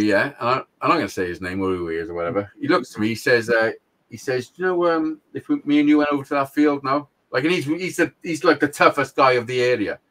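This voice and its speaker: A middle-aged man, talking in a low-set voice. He rambles through a casual story on a podcast, blunt and full of swearing, laughing here and there. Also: fairly bright tone. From Wales. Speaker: podcast co-host.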